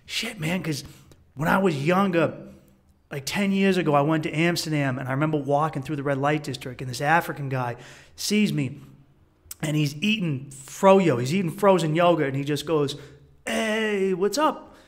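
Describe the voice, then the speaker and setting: High-voiced man telling a travel story. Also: normal speed. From Boston, USA. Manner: animated, laughs often. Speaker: travel vlogger. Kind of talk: casual storytelling.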